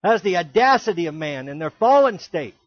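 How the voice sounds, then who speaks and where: Man, pastor, sermon, high voice, emphatic, rhetorical questions, dull muffled sound. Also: very animated, a little fast, no room sound. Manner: emphatic preaching, with rhetorical questions and sudden loud exclamations.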